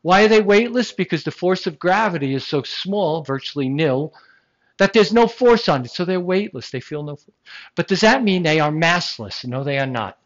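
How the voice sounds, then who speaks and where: During a classroom lecture, a science teacher speaks in an animated, emphatic way, using rhetorical questions and humor. The voice is medium-pitched at normal speed, with the high frequencies cut off.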